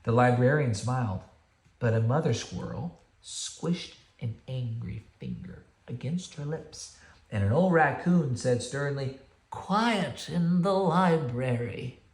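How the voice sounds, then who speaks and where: A man's voice: medium pitch, lively intonation, a little slow, darkish tone. A father reading a children's picture book aloud, chatty, with asides to his kids. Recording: roomy home room echo.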